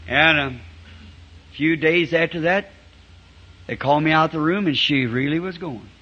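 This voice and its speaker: A man's voice: on the high side, normal speed. A man preaching a storytelling sermon to a congregation in a church, telling it in a folksy way with frequent chuckles. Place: church meeting before a congregation. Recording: dull, muffled 1960s sermon tape.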